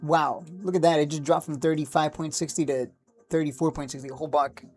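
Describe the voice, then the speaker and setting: A man hosting a stock trading livestream, talking casually and excitably, rambling, cursing now and then, and laughing at his own jokes. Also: on the high side, fairly quick, faint music behind. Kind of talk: live market commentary.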